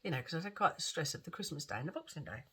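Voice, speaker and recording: A woman's voice: low voice, big pitch swings, racing, fairly bright tone, breathy edge. A woman with a lingering cough, rambling and repeating herself as she tells a story in a chatty vlog. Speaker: vlogger.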